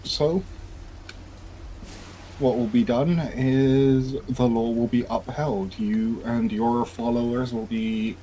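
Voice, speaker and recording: A man voicing a stern, indifferent male adventurer, speaking slowly and deliberately. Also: medium pitch, steady tone, dark tone, slight background noise, close to an everyday voice, low-quality recording. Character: cold, stern male adventurer upholding the law.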